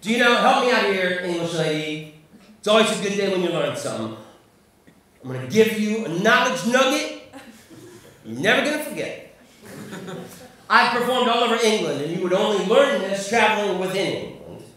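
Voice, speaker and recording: A man's voice: high voice, very animated, normal speed, long pauses, a bit bright. A man doing a stand-up comedy set, chatting with and teasing the crowd, swearing freely. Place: live comedy venue. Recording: echoey room, far from mic, noisy.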